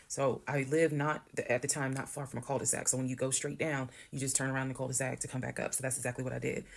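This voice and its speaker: A woman's voice: a bass voice, level tone, fast, gravelly. A woman telling a personal story in a casual, blunt, conversational way, cursing now and then. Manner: conversational, blunt, swears while retelling.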